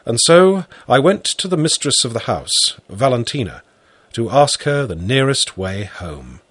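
A man reading a story aloud in a husky voice. His pitch swings widely as he tells it, and he takes his time over every phrase. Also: dry recording. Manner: slow, animated storytelling. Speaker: narrator. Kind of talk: scripted story narration.

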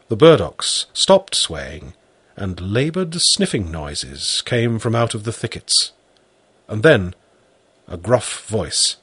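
A man narrating a story in the first person, reading slowly and expressively. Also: on the low side, breathy edge, no room sound. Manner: slow, animated storytelling.

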